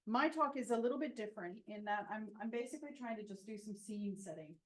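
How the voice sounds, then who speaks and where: A woman's voice: mid-range voice, quick pace. Woman, seminar speaker, casual presentation, hesitant restarts, no mic, reverberant room. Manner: thoughtful, many ums and restarts. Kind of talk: conversational presentation. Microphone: no microphone, room pickup. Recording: roomy hall sound.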